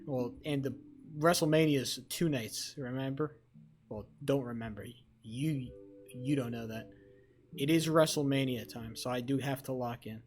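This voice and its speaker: A young man chatting on a live stream, rambling and excitable with lots of swearing. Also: medium pitch, moderate pace, soft background music. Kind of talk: casual live-stream chat.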